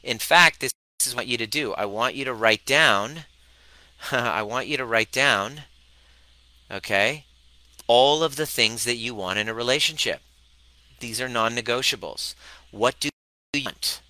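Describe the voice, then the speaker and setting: A man coaching on relationships in a live stream, his voice very bright and tense. He is blunt, swears freely and acts out whole conversations. The sound is close and dry, with no room around it. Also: medium pitch, unhurried, pauses often, no room sound, rough recording. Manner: animated, acts out both sides of conversations.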